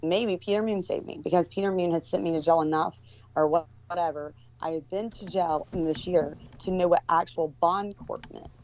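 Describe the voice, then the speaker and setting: A woman's voice: on the low side, darkish tone, a little hiss or hum. A woman guest telling a story in casual talk, rambling with many restarts and fillers. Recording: dull lo-fi recording.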